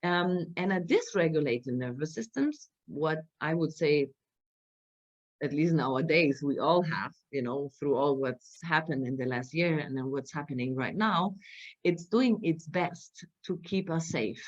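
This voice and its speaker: Low-voiced woman lecturing, hesitant. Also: expressive, measured pace. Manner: hesitant, many fillers and tag questions. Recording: dull lo-fi recording.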